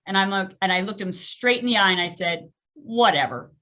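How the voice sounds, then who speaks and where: A middle-aged woman, a podiatrist guest on a podcast, telling a candid story in an animated, self-deprecating way and laughing often. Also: medium pitch, quick pace.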